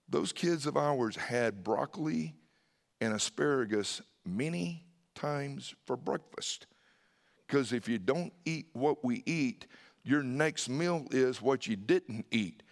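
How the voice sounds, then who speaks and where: A man's voice: medium pitch, long reverb tail. A middle-aged man preaching a sermon as a pastor, telling a family story, acting out the dialogue, and sometimes dropping to a whisper.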